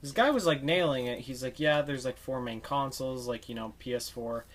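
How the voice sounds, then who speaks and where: A man's voice: mid-range voice, a little fast. A young man co-hosting a podcast in casual chat, laid-back, chiming in with short remarks and adding to the story. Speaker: podcast co-host.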